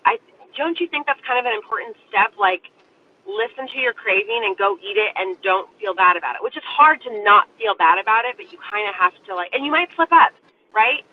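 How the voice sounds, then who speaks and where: A woman's voice: medium pitch, lively intonation, brisk. A woman host sharing her own story openly and earnestly in a live online interview. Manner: earnest, open, speaks in repeated parallel phrases. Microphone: video call. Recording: tinny phone-like line with faint noise.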